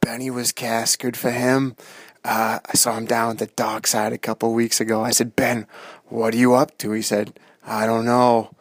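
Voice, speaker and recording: A man's voice: medium pitch, level tone, moderate pace, breathy edge, dry recording. Guy playing a paranoid bigfoot hunter who hisses whispers then rants crude, close dry mic. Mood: rambling crude. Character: unhinged man hiding out hunting Bigfoot in the woods. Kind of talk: comedy sketch call-in bit.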